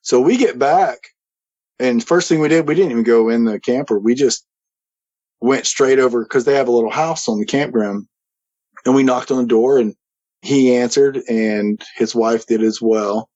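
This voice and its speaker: A man telling a story in a casual, animated way as a guest, acting out the quoted voices and chuckling now and then. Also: mid-range voice, moderate pace. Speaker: guest recounting a paranormal experience. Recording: slightly dull lo-fi audio.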